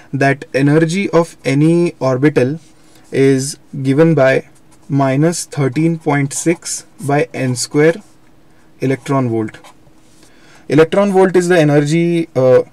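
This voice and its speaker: A man's voice: fairly high pitch, a little mellow, no echo. A young man giving a live online physics lecture, explaining step by step and correcting himself as he goes. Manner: explanatory, repeats and self-corrects. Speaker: physics teacher.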